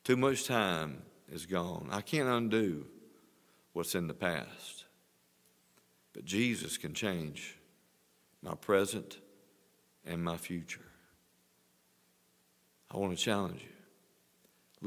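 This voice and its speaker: Older preacher guy, 60s, lowish voice, earnest sermon, church hall echo. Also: slow, long pauses. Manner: earnest preaching, swelling louder on exhortations. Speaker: pastor. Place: church sanctuary. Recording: long church reverb.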